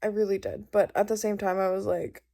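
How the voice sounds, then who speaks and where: A young woman excitedly recapping a book she is reading, gushing and saying "like" a lot. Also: mid-range voice, fairly quick, gravelly. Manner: gushing, excitable, heavy use of "like". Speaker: book vlogger. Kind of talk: casual reading vlog recap.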